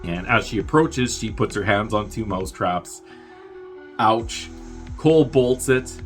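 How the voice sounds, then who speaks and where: A man hosting a podcast, casually recapping a movie plot in a rambling, offhand way and slipping into quick impressions of the characters. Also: fairly low pitch, animated, a bit bright, faint music behind. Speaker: podcast host.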